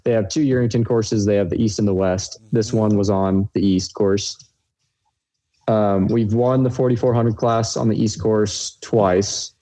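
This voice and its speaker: A man's voice: lowish voice, steady tone, measured pace, mellow. A young man, a racecar driver guest, telling a race story in an easygoing way on a casual podcast.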